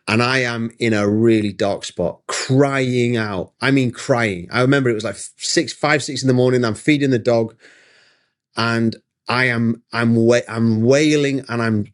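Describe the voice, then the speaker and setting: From his studio on a video call, the middle-aged guest tells his personal story a little slowly in a mid-range voice. His delivery is animated and emphatic, marked by many false starts.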